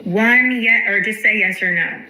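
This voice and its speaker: A woman's voice: mid-range voice, unhurried, pushed and bright. A woman hosting a casual livestream, greeting viewers by name and swearing freely. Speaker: livestream host. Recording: echoey room with faint music.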